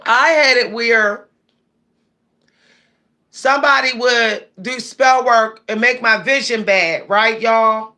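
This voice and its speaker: A woman's voice: a little high, slow pace, pauses often, pushed and bright. A woman with hosting a casual livestream, chatting and reading viewer comments aloud. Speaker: livestream host.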